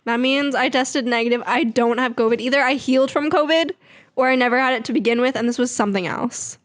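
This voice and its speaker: A woman's voice: high voice, fast, no echo. A young woman vlogging in a chatty, rambling, self-mocking way. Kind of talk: casual vlog chat.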